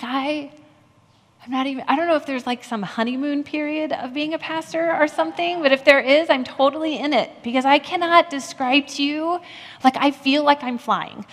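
A woman's voice: high-pitched, normal speed. A woman pastor giving a candid, self-deprecating personal testimony in a sermon, laughing at herself now and then. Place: church sanctuary. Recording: long hall reverb from a church sanctuary.

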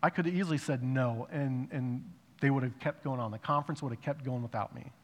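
A man giving a personal testimony in a conversational way, rising to emphatic bursts and dropping to hushed reflection. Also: mid-range voice, a little fast. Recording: long reverb of a large hall.

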